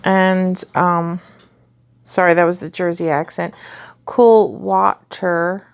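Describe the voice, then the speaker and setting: A woman's voice: lowish voice, flat delivery, a little slow, clear, resonant tone. A woman casually walking through a home cooking recipe, chatty and rambling with lots of fillers. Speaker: home cook showing a recipe.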